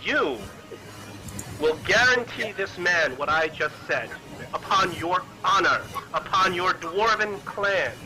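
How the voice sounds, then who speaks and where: A man's voice: high-pitched, expressive, slow pace, bright, forceful tone, faint music behind, full character voice, rough recording. A man voicing a bold, scheming female harper agent in a tabletop game, speaking in solemn, formal oaths. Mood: commanding.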